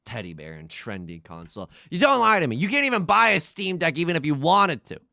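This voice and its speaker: Gravelly young man chatting on stream. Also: a little high, sing-song, a little fast, pushed and bright, dry recording. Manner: rambling, self-mocking, with many restarts. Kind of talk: casual livestream chat while playing. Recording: faint music behind.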